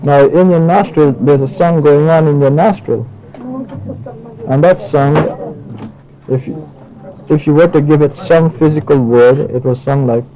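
A man giving an informal spiritual lecture and taking questions, talking in a halting way with many restarts and fillers. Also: a little high, dark tone, lo-fi sound. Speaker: spiritual teacher.

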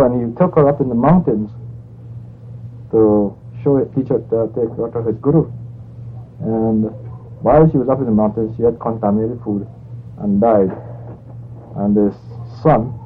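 A man telling a long anecdote in a rambling, conversational way, correcting himself as he goes. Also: lowish voice. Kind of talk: anecdotal storytelling. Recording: tinny phone-like line, faint hiss.

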